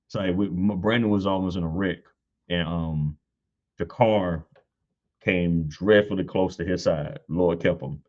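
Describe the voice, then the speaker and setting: Guest speaker, thirties, very low voice, lively storyteller who jumps up high for quotes; muffled lo-fi recording. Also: male voice, a little slow. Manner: animated, laughs often, acts out quotes in high voice. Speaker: guest on church panel. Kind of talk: casual storytelling.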